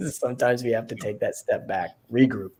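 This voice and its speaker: A man's voice: mid-range voice, steady tone, moderate pace, darkish tone. A man co-hosting a podcast in casual chat, rambling and reflective, laughing often. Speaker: podcast co-host.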